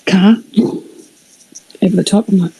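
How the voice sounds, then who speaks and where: A middle-aged woman, telling a rambling personal story on a live stream, animated and swearing, sometimes dropping to a whisper. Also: medium pitch, unhurried, creaky, slightly rough, poor audio. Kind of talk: casual anecdote on a live stream.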